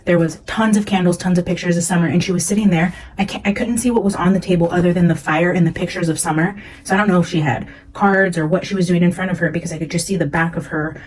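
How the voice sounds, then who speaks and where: A woman's voice: on the low side, steady tone, fast, hardly any pauses, darkish tone, poor audio. A young woman, a psychic medium, talking casually and earnestly as she reads from her notes, rambling with many fillers.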